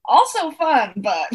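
A young woman comedian guests on a podcast, talking candidly and openly. She breaks into laughs and tosses in quick asides. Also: high-pitched. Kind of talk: casual interview chat.

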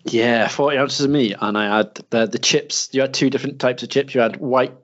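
A British man in casual chat, telling an animated story and mimicking people in a higher voice. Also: brisk. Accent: British English. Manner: animated, acts out quotes in a higher voice. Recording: slightly dull lo-fi sound.

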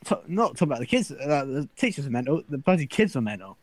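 A young man talks with friends in a blunt, exasperated way, swearing often. His voice sits at an ordinary middle pitch. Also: sing-song, quick pace, no echo. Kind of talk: casual chat.

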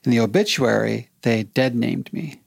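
A man speaking as a podcast guest in casual conversation, measured and deliberate. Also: mid-range voice, creaky, no room sound.

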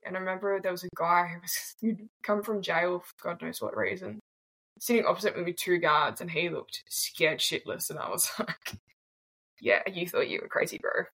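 Blunt Australian woman in her twenties; low, gravelly delivery with a casual, swearing edge. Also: moderate pace, fairly bright tone, poor audio. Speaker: guest. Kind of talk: candid personal storytelling.

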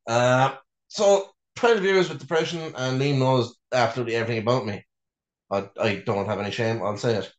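A man with a mid-pitched voice speaks haltingly, leaning on fillers, cursing and poking fun at himself. The recording is roomy, with his voice bouncing off the bedroom walls. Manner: sweary, self-mocking, halting with many fillers. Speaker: podcast co-host. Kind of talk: casual chat.

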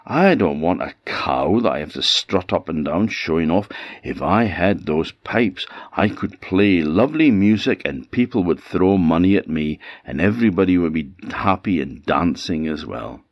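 Man doing a foolish cheerful old husband, eager, easily delighted, lively pitch, dry room. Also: moderate pace, no echo. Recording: dull dry lo-fi recording.

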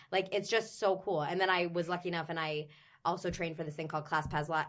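A woman's voice: fairly low pitch, level tone, fast. A young woman, a personal trainer and former stage performer, chatting enthusiastically on a podcast with frequent fillers. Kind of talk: casual podcast chat.

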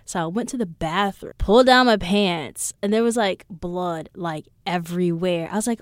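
A young adult woman hosting a podcast, telling stories in a casual monologue that is animated and full of swearing. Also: on the low side, normal speed, hardly any pauses, no room sound, clean studio sound. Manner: profane, animated storyteller. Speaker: podcast host.

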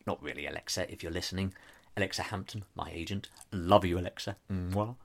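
Pompous low-voiced man, dry comic monologue. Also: brisk, creaky. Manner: pompous, self-important, dry asides. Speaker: comedic narrator playing a pompous actor.

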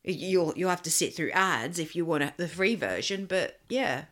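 A woman's voice: on the low side, lively intonation, normal speed, fairly bright tone. A woman co-hosting a casual podcast, teasing her co-host in a dry way. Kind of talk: casual chat.

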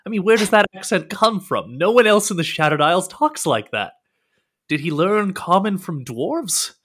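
A bedraggled male captive who once sang for a living, played by a man at the gaming table. He gushes with thanks one moment and spits bitter curses about the boss who betrayed him the next. His voice sits a little high for a man. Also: very animated, moderate pace, fairly bright tone, full character voice. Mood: relieved, mocking. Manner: grateful then resentful, swears freely. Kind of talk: tabletop role-play character voice.

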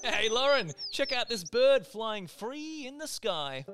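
A man's voice: very high-pitched, sing-song, takes it slowly, a bit bright, soft background music. A man co-hosting a children's storybook podcast, playful and jokey. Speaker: podcast co-host.

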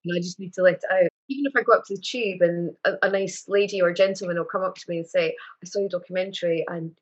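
A woman, a guest on an interview, talking openly and emotionally with lively retellings. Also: lowish voice, fast talker, dull audio. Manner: emotional, candid, animated retelling. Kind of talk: casual interview chat.

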